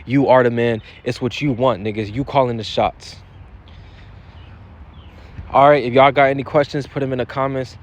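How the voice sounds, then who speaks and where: A man's voice: medium pitch, steady tone, moderate pace, long pauses, dull audio. A young man giving blunt, profane dating advice in a casual monologue, often repeating and restarting his phrases.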